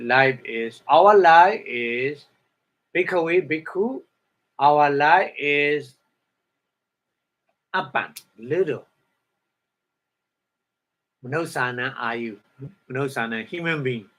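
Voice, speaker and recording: A man teaching a dharma lecture in halting English, explaining Pali terms word by word and often asking "huh?". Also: medium pitch, lively intonation, a bit bright. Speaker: Buddhist meditation teacher.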